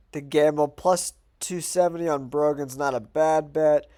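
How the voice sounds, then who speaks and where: A man with a stuffed-up, nasal voice from a cold hosts his own show. He talks casually and thinks out loud, with plenty of fillers as he works through his picks. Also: medium pitch. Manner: chatty, thinking aloud with fillers. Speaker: host. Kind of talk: casual betting predictions monologue.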